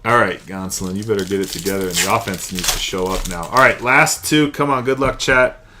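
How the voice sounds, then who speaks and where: A man's voice: deep voice, brisk, noisy background. A young man hosting a live card-opening stream, chatting and calling out each card as he pulls it. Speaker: card break host.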